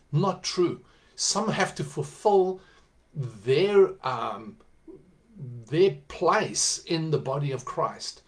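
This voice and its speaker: A man preaching, telling a personal story in a conversational way that builds to emphatic exhortation. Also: fairly high pitch. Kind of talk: sermon storytelling.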